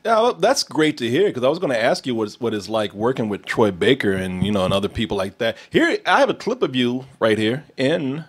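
An American man hosts a casual interview, joking and teasing his guest with plenty of enthusiasm. His voice is husky and mid-pitched. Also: sing-song, brisk, hardly any pauses. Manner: jokey, enthusiastic. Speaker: interview host.

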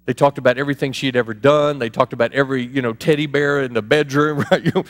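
Animated preaching man, hall reverb. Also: mid-range voice, fast. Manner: animated, conversational preaching with laughs and asides. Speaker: pastor. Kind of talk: sermon.

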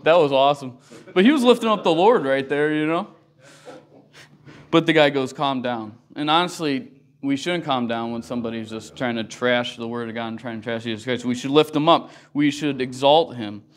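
A man's voice: mid-range voice, fairly quick. Earnest man teaching Sunday school. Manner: earnest, conversational, often says "you know". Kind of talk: casual Bible teaching. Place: church classroom.

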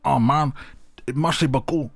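A man's voice: mid-range voice, a little slow, gravelly, dry recording, soft background music, pitched above the performer's own voice. Man putting on a bumbling fake Frenchman. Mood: excited. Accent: put-on French accent. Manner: broken English, boastful, playful. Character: bumbling fake Frenchman, adult male, eager. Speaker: gamer voicing a player character. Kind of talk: improvised role-play over gameplay.

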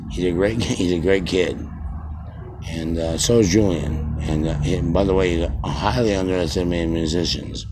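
A man in his fifties rambling as a self-styled radio host, halting with many fillers and restarts. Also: sits low, noisy background. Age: 50s. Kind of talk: rambling mock radio broadcast.

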